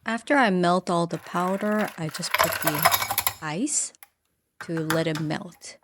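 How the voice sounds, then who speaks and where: A woman's voice: on the low side, slow pace, very noisy. A woman cooking at home and chatting playfully, dropping in bits of Malaysian slang as she talks. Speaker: home cook. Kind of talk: casual cooking vlog chat.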